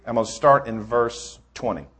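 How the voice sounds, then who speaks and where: In this sermon, a relaxed preacher with a husky, slightly bright medium-pitched voice talks at a moderate pace. He's informal and rambling, restarts a lot, and tells jokes before turning to scripture.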